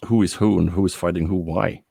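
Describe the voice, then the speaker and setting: A man speaks as a player in a tabletop game, terse and gruff, his voice very low and gravelly. His tone is dark and mellow. The recording is dry and close. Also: fairly even intonation, a little fast, no room sound.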